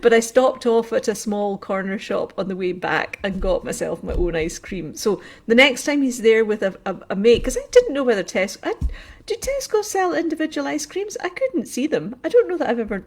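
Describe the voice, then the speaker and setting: A woman with a fairly high voice chats casually to her livestream viewers from home. She rambles cheerfully between topics, drops in frequent laughs and greets people warmly as they join. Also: lively intonation, moderate pace. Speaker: host of a craft livestream. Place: indoors at home.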